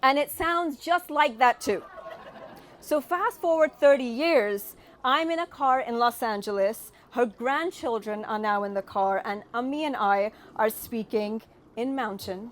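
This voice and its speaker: High-voiced wry British woman comedian. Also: unhurried, slight background noise. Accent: British with a slight Californian tinge. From United Kingdom. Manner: wry, punchline-driven storytelling. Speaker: stand-up comedian. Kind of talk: stand-up comedy set.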